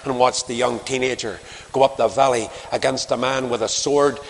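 Older preacher in a reverberant hall. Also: male voice, medium pitch, fairly even intonation, normal speed, creaky, slight background noise. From Northern Ireland. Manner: storytelling with quoted dialogue, rising and falling emphasis. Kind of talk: sermon. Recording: long reverb of a large hall.

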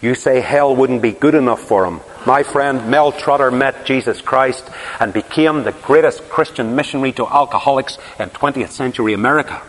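A man preaches a sermon in a large hall whose long reverb trails his words. His medium-pitched voice moves at a moderate pace as he tells stories and asks rhetorical questions with emphasis.

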